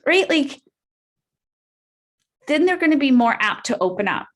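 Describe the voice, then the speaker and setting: A woman's voice: high voice, big pitch swings, unhurried. Upbeat woman trainer on a video call. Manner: upbeat, keeps asking the group "right?". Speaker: real estate trainer.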